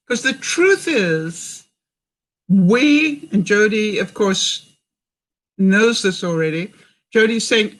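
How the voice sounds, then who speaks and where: A woman's voice: a little high, a bit bright. An older woman from Canada chatting in a livestream, reading viewer comments and coaching her audience with questions. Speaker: vlogger.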